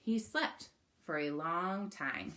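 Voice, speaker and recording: Slow, bright-voiced woman reading a picture book. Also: fairly low pitch, lively intonation. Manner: warm, coaxing, asks listeners to join in. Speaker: children's story reader. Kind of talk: storybook reading to children.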